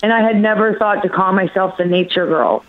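A woman's voice: medium pitch, brisk, dry recording. Female guest, chatty storyteller, laughs a lot, lo-fi muffled recording. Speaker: interview guest. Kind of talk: casual interview. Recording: dull lo-fi audio.

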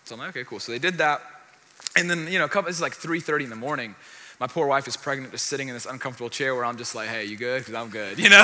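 A young man preaching a sermon, telling a personal story in an animated, self-deprecating way with asides to the congregation. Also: high-pitched. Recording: long hall reverb.

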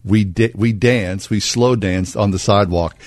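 A man's voice: on the low side, fairly even intonation, normal speed, darkish tone, no echo, clean studio sound. A man in his sixties co-hosting a radio show, telling self-deprecating stories in a jovial, casual way. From Pittsburgh.

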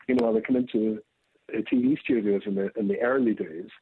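A Scottish rabbi giving an interview as a guest, telling stories in an animated way and laughing often. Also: male voice, mid-range voice, quick pace, gravelly, slight background noise. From Scotland. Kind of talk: remote interview. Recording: tinny phone-like line.

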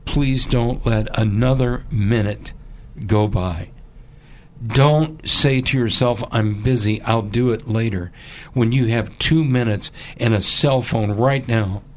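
A man telling an emotional story in halting bursts, then pleading urgently in a fundraising appeal. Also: on the low side. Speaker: charity appeal guest.

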